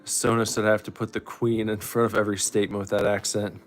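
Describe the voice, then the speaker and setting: A man's voice: fairly low pitch, level tone, fast, slight background noise. A man co-hosting a casual build stream, joking dryly with his partner. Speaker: co-host. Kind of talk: casual chat while building.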